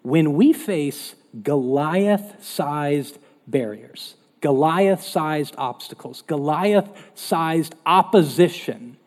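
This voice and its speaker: A male pastor preaching a sermon in an animated, conversational way in a church hall. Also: a little high, very slow, few pauses. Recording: long hall reverb.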